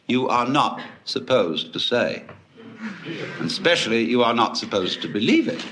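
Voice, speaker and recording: A man's voice: medium pitch, bright, forceful tone, slight background noise. A man giving a public lecture, telling wry anecdotes with dry humor. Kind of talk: public lecture to a live audience.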